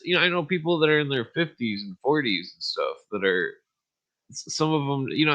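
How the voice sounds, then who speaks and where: A man's voice: medium pitch, bright, forceful tone. Profane ranting man, lo-fi mic. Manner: profane, ranting, with frequent fillers and chuckles. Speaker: podcast host. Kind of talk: rambling casual monologue. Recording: dull lo-fi audio.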